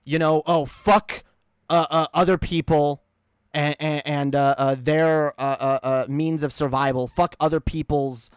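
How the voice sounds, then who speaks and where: Dude ranting on stream, cursing a lot, smooth kinda high voice, super dry sound. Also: male voice, steady tone, measured pace, no echo. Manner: profane, heated, rambling with restarts. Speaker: streamer reacting to a video. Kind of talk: ranting reaction commentary.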